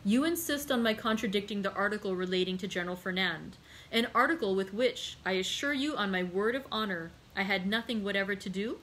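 A composed, wry gentleman from a classic novel, calm and formal, as a woman reads him aloud. He speaks in long, measured sentences at a middling pitch. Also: a little hiss or hum, natural voice, poor audio.

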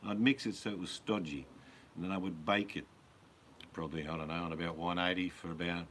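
Blunt, deep-voiced man joking. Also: steady tone, quick pace, fairly bright tone, slight background noise. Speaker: host. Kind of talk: casual live-stream chat.

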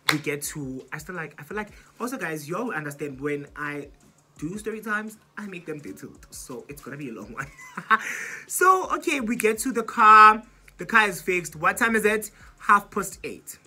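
A woman's voice: fairly low pitch, pushed and bright. A young South African woman in her twenties with a South African accent, dramatically retelling a storytime vlog and mixing in isiZulu words. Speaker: YouTuber.

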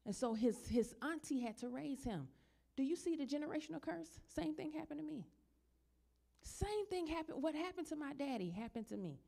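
Here a middle-aged woman preaches in church at a moderate pace, her intonation lively and her voice creaky. She addresses the congregation plainly at first, then climbs into loud, high, forceful passages.

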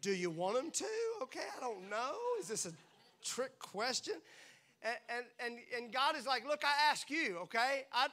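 A man preaching in a church with a high, bright, ringing voice. He talks to the congregation in a playful, animated way. He keeps slipping into quick acted-out voices before dropping back to plain talk. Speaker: pastor. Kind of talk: sermon.

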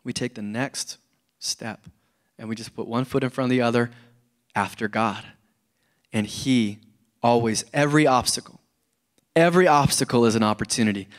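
A man's voice: mid-range voice, moderate pace, long pauses. A middle-aged man preaching a sermon in church, conversational and earnest, often repeating words and rising into emphasis. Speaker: pastor.

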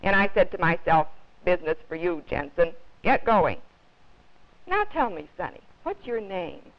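A woman's voice: lowish voice, very animated, measured pace. A woman voicing a big, cheerful male policeman in a hearty, friendly manner, on dull lo-fi 1950s TV audio.

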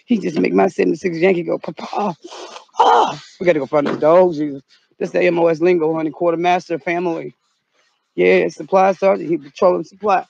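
A man vlogging outdoors in a loud, dramatic comic style, often yelping and shouting. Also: sits high, expressive, brisk, creaky, breathy edge, no echo, lo-fi sound. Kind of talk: comedic outdoor vlog.

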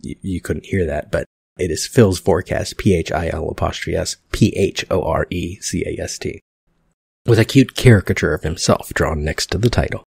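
A man's voice: deep voice, normal speed, gravelly, a little mellow, husky, no echo, studio quality. A male podcast host giving casual, wry commentary on a screenplay, with rambling asides.

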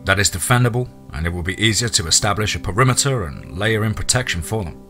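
A man's voice: fairly low pitch, expressive, fast, sharp tone, faint music behind. Man voicing a blunt ex-soldier farmer. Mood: planning. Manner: blunt, practical. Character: blunt ex-military male farmer, steady and practical.

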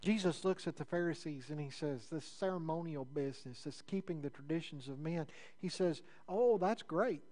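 A man preaching a sermon in a conversational way, building up with rising emphasis and then dropping into low, quiet asides. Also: normal speed, hardly any pauses. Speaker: pastor.

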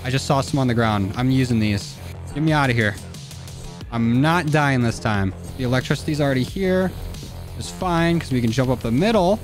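A young man giving casual, profane commentary while playing a game, talking to the characters on screen and yelling when things go wrong. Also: mid-range voice, brisk, music in the background. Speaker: gaming YouTuber. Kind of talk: live gameplay commentary. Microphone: studio dynamic mic.

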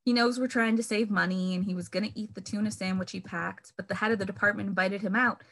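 A woman reads her own fiction aloud in a measured, wry way, pressing certain words hard. Her voice sits in a middle register with a steady gravelly fry. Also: medium pitch. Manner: measured, wry, pointed emphasis on key words. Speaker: author reading her novel.

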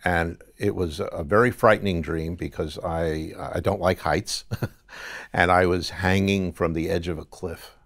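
A man guest in an interview, recounting a dream in a halting way with restarts. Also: sits low, fairly even intonation, gravelly, fairly bright tone, no echo, studio quality. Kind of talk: testimony interview.

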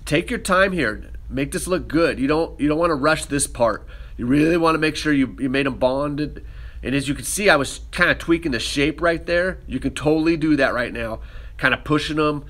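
A man walks his students through a clay project, chatting in a relaxed way as he works with his hands. His voice has a bright, forward ring with a pitch in the middle range. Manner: relaxed, talks while working with hands. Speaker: ceramics teacher. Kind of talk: casual demonstration lesson.

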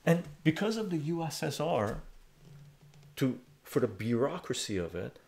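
A man's voice: mid-range voice, expressive, moderate pace, vocal fry, a little mellow. A man giving a blunt, profane, heated rant in a casual live stream, talking to his chat.

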